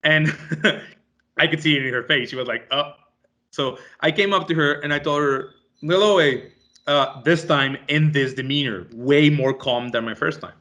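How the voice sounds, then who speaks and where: A young man tells a personal story to an audience with a bright, forceful tone. His voice sits a little high and jumps around as he acts out the dialogue he quotes. He is lively and expressive throughout. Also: normal speed. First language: Spanish. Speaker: speaker.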